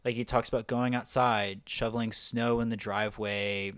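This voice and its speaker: A man's voice: lowish voice, flat delivery, normal speed, a bit bright, clear, resonant tone, no echo. A man co-hosting a podcast in casual chat, rambling and enthusiastic, with lots of "like" fillers. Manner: chatty, heavy use of "like", enthusiastic. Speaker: podcast co-host.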